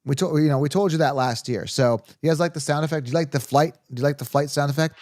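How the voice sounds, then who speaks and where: A man hosting a live fantasy football stream, excitably reading viewer comments and repeating himself for emphasis. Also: a little high, quick pace, few pauses, dry recording, clean studio sound. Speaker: fantasy football show host.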